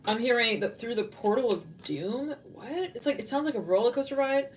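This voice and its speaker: A woman's voice: fairly high pitch, a little fast, distant mic. A woman with a Californian accent giving a casual, rambling tarot reading, laughing often and saying "like" a lot. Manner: rambling, giggly, lots of "like". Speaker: tarot reader.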